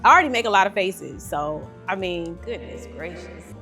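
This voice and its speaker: A woman's voice: medium pitch, a little fast, hardly any pauses, faint music behind. A woman hosting a casual cooking vlog, talking animatedly to her viewers as she cooks and tastes. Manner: animated, talks to viewers as y'all. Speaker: cooking vlogger host.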